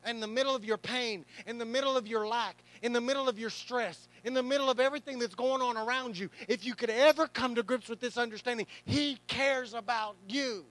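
A man's voice: very high-pitched, a little fast, few pauses, a bit bright, rough recording. A male pastor preaching to a congregation in church, pressing hard with repeated rhetorical questions and slipping in playful asides. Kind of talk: sermon. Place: church service before a congregation.

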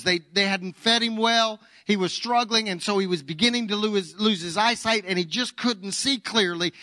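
Bright-voiced preacher, dry close sound. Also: male voice, high-pitched, no room sound. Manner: dynamic, swings from loud to hushed. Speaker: pastor. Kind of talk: Easter sermon with storytelling.

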